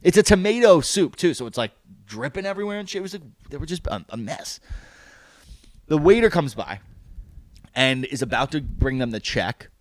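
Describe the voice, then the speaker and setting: A man's voice: fairly high pitch, animated, moderate pace, no room sound. A man co-hosting a podcast, telling a story in a casual, profane way and acting out other people's lines. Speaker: podcast co-host.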